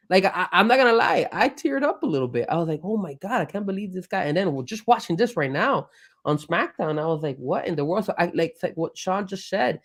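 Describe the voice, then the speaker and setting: A man's voice: fairly high pitch, creaky. A man co-hosting a live show, talking emotionally in a loose, rambling way. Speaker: co-host. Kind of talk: casual live show chat.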